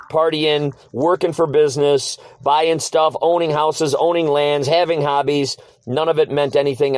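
A man's voice: medium pitch, a little mellow, dry recording. Earnest middle-aged man, dry sound. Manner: earnest, quotes dialogue and repeats short phrases. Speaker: guest telling his faith testimony. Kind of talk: casual storytelling.

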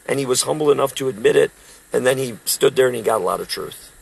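Gravelly older man, street preacher. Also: mid-range voice, fast, a little hiss or hum, rough recording. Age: 60s. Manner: emphatic, storytelling. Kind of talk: casual talk recounting preaching.

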